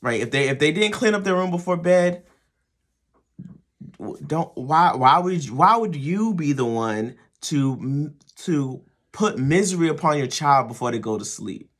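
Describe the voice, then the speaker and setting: A little high and fairly bright, this host's voice is expressive and unhurried. He runs a show aimed at fathers, sharing advice conversationally, repeating himself and often asking "right?".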